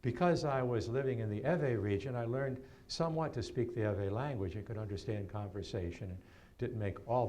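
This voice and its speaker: A man in his seventies from New York, giving a keynote talk as a storyteller and telling stories with animated swings and laughter. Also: fairly low pitch. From New York, USA. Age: 70s.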